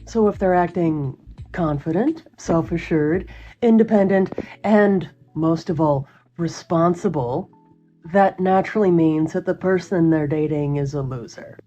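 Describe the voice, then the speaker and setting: A woman's voice: lowish voice, unhurried, mellow, lo-fi sound, faint music behind. Dry, sarcastic woman commentator. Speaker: reaction host.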